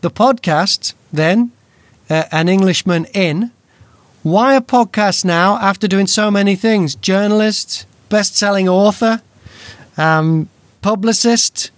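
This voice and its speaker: A man's voice: sits high, slow, dry recording. A man hosting a radio countdown show, presenting in an upbeat announcer manner.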